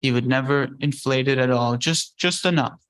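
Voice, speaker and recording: A man teaching a scripture class, telling the story in a conversational, halting way. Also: mid-range voice, a bit bright, clear, resonant tone, poor audio. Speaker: religious teacher.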